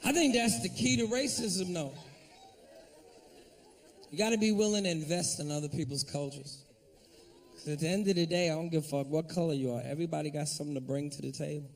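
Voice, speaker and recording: A male stand-up comic works the crowd in a profane, animated routine. His voice is high and gravelly. It sounds a little distant from the microphone. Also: a little fast. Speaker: stand-up comedian. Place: comedy club stage.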